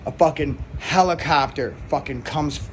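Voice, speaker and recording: A man's voice: on the high side, normal speed, a little hiss or hum. A young man telling a rambling comedy bit in casual talk, full of swearing and "like.". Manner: rambling, heavy swearing, lots of "like". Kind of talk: casual comic storytelling.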